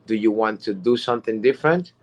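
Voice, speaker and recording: A man's voice: on the low side, fast talker, highs cut off. A man giving a rambling, emphatic motivational talk as a guest speaker, repeating himself often.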